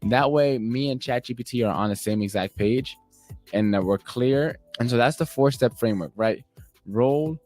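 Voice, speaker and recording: A man explaining a process step by step in a clear teaching manner. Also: fairly low pitch, darkish tone. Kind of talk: instructional explanation. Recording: faint background music.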